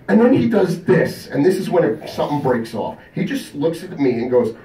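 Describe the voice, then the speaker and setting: On a convention stage, a comedian with a fairly high, vocal-fry voice tells crude stories at a moderate pace, animatedly acting out the people in them. Soft music plays behind him, and the distant mic picks up an echoey room.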